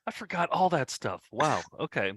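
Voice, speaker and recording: A man co-hosting a comedy show, low-key and mock-exasperated with his co-hosts. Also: sing-song, normal speed, fairly bright tone, breathy edge. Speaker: co-host. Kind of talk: casual banter.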